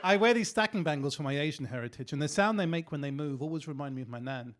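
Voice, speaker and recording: A man performing a stand-up comedy set on a club stage, delivering quick deadpan punchlines. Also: a little high. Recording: noisy live club recording.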